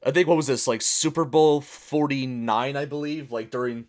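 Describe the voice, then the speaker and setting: A man's voice: medium pitch, steady tone, moderate pace. A man hosting a casual reaction video, rambling through chatty explanations and laughing often. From United States. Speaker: YouTube reaction host.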